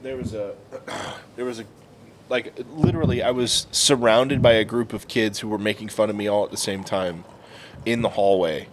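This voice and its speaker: A man and podcast co-host telling stories from his youth in a casual chat, turning loud and animated when he acts out other people. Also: lowish voice, normal speed, noisy background.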